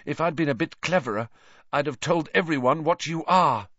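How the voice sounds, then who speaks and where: A man reading aloud and voicing a clever, frightened teenage girl who screams in high, strained tones. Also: normal speed, sharp tone, no room sound, dull audio. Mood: hushed.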